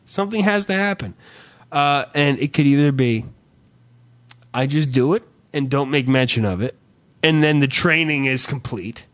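A man's voice: medium pitch, moderate pace. A man ranting comically about everyday annoyances in a casual chat, profane and theatrical. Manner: profane, animated ranting with mock-shouted quotes. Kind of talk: casual comedic rant.

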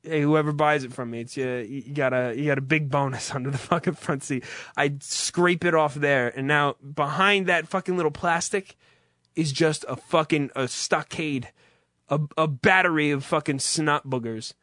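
In clean studio sound with no room noise, a radio call-in host delivers a crude comedic monologue. His voice is on the high side and fairly bright, his pace moderate, and he swears a lot while rambling in a self-mocking way.

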